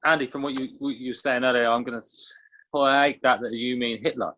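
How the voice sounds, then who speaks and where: A man on a podcast, recounting a theory in a halting, hesitant way. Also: mid-range voice, fairly even intonation, pushed and bright, dry recording. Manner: hesitant, halting, many restarts. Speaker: podcast co-host. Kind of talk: casual conversation. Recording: dull dry lo-fi sound.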